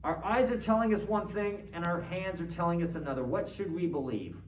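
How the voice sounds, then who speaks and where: A philosophy lecturer with a high-pitched, brisk voice teaches a class conversationally, quizzing students and checking in with them often. The classroom lecture is captured in a roomy space with a distant mic and faint noise.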